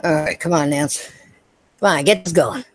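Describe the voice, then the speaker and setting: A woman's voice: low-pitched, moderate pace, no echo. A young woman streaming, ranting bluntly and profanely to her viewers, laughing often between points. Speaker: gaming streamer. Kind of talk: live-stream rant to chat.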